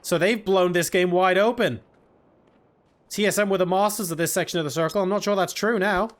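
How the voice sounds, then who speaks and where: A man calling a live esports match with rapid, excitable play-by-play commentary that jumps into bursts of excitement on big plays. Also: high-pitched. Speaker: esports caster. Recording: gunfire from the game behind the voice.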